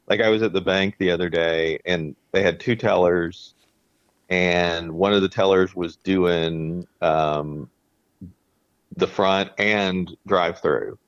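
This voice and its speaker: A man's voice: low-pitched, steady tone, slow pace, dry recording. A man co-hosting a podcast, talking in an earnest, reflective way and often restarting his sentences. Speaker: podcast co-host. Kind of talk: casual chat. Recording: dry, dull lo-fi sound.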